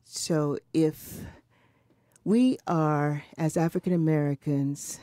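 A woman's voice: sits low, steady tone, slow pace, mellow, no room sound, clean studio sound. A woman in her seventies, recalling her mother and grandmother in an earnest, reflective way, often restarting her sentences. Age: 70s. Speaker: interviewee. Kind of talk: recorded oral history conversation.

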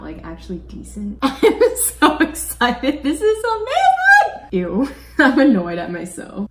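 A woman's voice: medium pitch, noisy background. A young woman chatting casually while she paints, giggling, swearing and breaking into dramatic outbursts. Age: young adult. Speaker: vlogger. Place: apartment room.

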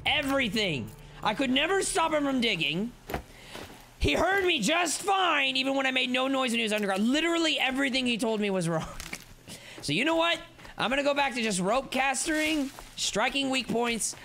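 A man streaming live gameplay commentary, excitable and playful, rambling on and chatting with his viewers. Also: very high voice, moderate pace, vocal fry, a little hiss or hum.

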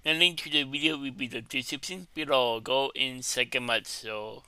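A man hosting a reaction video, introducing the clip in a casual, halting way. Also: medium pitch, steady tone, bright, forceful tone, clean tone, dry recording.

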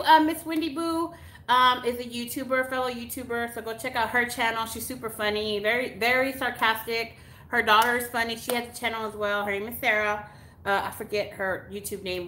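A woman's voice: a little high, fairly even intonation, brisk, bright, forceful tone, a little hiss or hum. Gushing woman in an echoey room. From Texas. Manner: gushing, exclamatory, chatty, with gasps and laughs. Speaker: YouTuber unboxing mail. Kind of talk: casual live unboxing chat.

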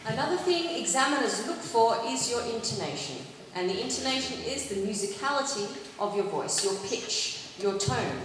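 A rather high-pitched woman speaks as an English teacher, laying out exam advice in a clear, instructive way and checking in with her listeners. Her voice rings out in a large, echoey hall with a long reverb and a faint noise behind it. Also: expressive, moderate pace, few pauses, fairly bright tone. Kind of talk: giving exam advice to students.

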